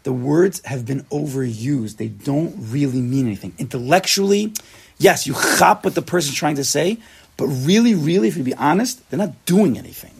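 A man leading an informal religious class, animated and full of rhetorical questions. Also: on the high side, moderate pace, vocal fry, slightly rough. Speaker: Torah class teacher.

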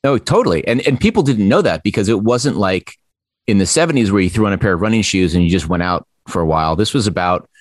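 A man's voice: on the low side, lively intonation, fast talker, no echo, clean studio sound. A man talking casually as a podcast guest, reflective and storytelling. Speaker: podcast guest, former triathlon magazine editor. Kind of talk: casual conversation.

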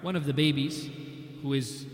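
A man giving a storytelling lecture on early Islamic history, animated and acting out the dialogue. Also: on the high side, normal speed. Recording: echoey hall.

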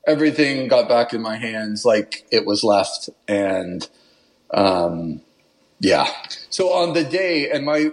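A man who is a podcast guest, telling a travel story in an animated, casual way and laughing as he goes. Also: on the low side, takes it slowly. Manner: animated, laughs while telling, puts on an Italian accent for quotes.

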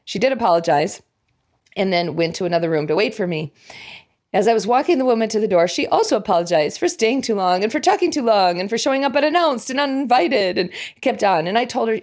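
A woman's voice: medium pitch, lively intonation, a little fast, darkish tone. A middle-aged woman telling a personal story in a devotional talk. She talks in a chatty, reflective way, laughs at herself and sometimes loses her thread. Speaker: devotional speaker.

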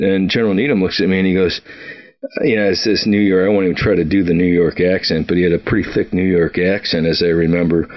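Rambling storyteller man, lowish voice. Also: dull audio. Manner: rambling, full of fillers and restarts, chuckles often. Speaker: podcast guest recounting military career. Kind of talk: casual storytelling.

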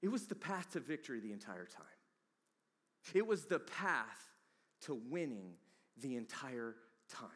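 A man preaching a sermon with dramatic swings from hushed, whispered passages to loud, emphatic peaks. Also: mid-range voice, big pitch swings, measured pace. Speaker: pastor. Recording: long hall reverb.

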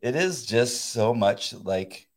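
A man in his fifties co-hosting a casual faith chat, excitable and laughing often, often restarting mid-sentence. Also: mid-range voice, slow. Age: 50s. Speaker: co-host.

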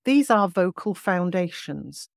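A woman voice coach explaining vocal technique in a clear, measured teaching manner. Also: on the low side, sing-song, no echo, clean studio sound. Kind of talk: podcast teaching.

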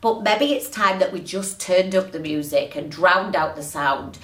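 A woman hosting her own podcast, talking in a chatty, animated, ranting way. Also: lowish voice, measured pace, recorded from a distance. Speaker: podcast host. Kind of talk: casual motivational monologue. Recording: roomy echo, a little off-mic.

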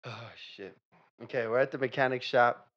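A man's voice: mid-range voice, fairly even intonation, normal speed. A man hosting a casual improv comedy video, loose and laughing, swearing now and then. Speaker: host. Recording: dull lo-fi sound.

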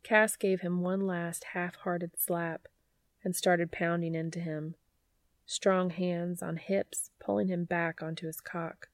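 A woman narrating a fan fiction audiobook in an even, unhurried, quiet reading voice. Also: fairly low pitch, no room sound. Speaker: podfic reader.

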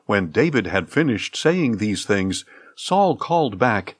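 A man giving a measured, solemn scripted reading of scripture. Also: mid-range voice, big pitch swings, no echo. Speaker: Bible reader.

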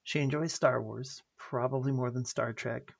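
A man in his thirties with a gravelly, husky voice talks through a solo podcast episode. He speaks in an earnest, storytelling way and pokes fun at himself now and then. The sound is dull and lo-fi, as from a home mic. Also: mid-range voice, steady tone, normal speed. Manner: earnest, warm-hearted storytelling with light self-deprecating humor. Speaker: podcast host. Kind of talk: personal podcast monologue.

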